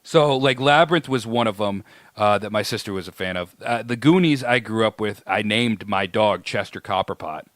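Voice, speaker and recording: A young man in his twenties chatting on a podcast, laid-back and joking, laughing easily. His voice is bright and sharp, and the recording is dry with no room sound. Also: on the low side, moderate pace, no room sound. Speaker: podcast co-host. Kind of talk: casual chat.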